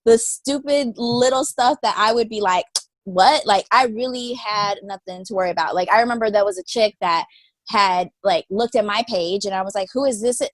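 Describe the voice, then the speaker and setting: A woman's voice: medium pitch, normal speed, no echo. A woman co-hosting a casual podcast, talking candidly and laughing easily. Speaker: podcast co-host. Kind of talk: casual chat.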